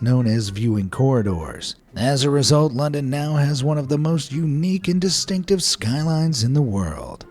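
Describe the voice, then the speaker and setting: A man's voice: mid-range voice, darkish tone. A man narrating a scripted video, with playful, wry asides.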